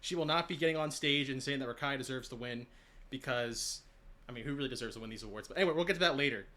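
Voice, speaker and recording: A man hosting his own stream's awards show, excitable and rambling, a bit out of breath. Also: mid-range voice, fast. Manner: excitable, rambling, self-deprecating. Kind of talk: casual live-stream hosting.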